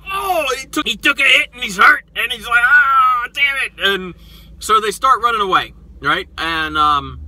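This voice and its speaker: High, lively man recapping a movie. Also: low-quality recording. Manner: animated storyteller, acts out quotes, swears freely. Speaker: toy show host. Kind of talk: excited casual movie recap.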